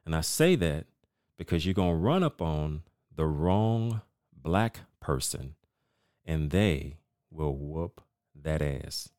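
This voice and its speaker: A middle-aged man with a very low voice hosts his own podcast. He rants with animated, emphatic storytelling, swearing freely. The sound is dry and close to the mic. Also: no echo. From United States. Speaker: podcast host. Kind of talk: casual rant monologue.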